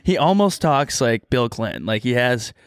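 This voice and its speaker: A man's voice: mid-range voice, lively intonation, moderate pace, smooth, no room sound, clean studio sound. A young man co-hosting a podcast, telling long rambling stories in casual chat with a lot of "like". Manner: rambling storyteller, heavy use of "like". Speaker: podcast co-host.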